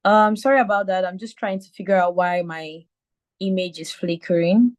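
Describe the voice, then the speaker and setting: A woman's voice: fairly low pitch, normal speed. A woman in her thirties from Nigeria with a Nigerian accent and a slight lisp, telling her story as a mentor in a live video call. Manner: animated storyteller acting out quotes. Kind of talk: live online mentoring talk.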